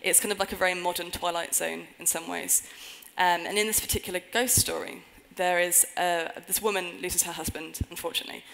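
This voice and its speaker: A woman's voice: on the low side, steady tone, fairly quick, gravelly, hardly any pauses, fairly bright tone, poor audio. A woman giving a conference talk on a stage before an audience, earnest with wry humorous asides. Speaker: conference speaker.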